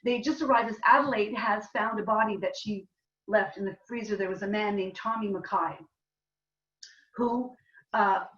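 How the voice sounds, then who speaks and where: A woman's voice: medium pitch, moderate pace, fairly bright tone. A woman playwright from Canada telling the story behind her play in a rambling, chatty way. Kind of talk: casual talk at a reading. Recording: distant roomy dull live recording.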